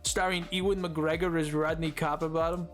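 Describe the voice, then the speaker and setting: A man's voice: on the high side, little pitch movement, moderate pace, soft background music. A man livestreaming a game, chatting casually and laughing often, with frequent stammered restarts and repeated words. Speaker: streamer.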